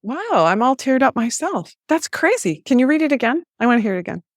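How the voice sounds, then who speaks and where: A woman's voice: high voice, big pitch swings, a little fast, no echo, clean studio sound. A woman co-hosting a podcast in casual chat, reacting with lots of exclamations. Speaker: podcast co-host, former FBI program head.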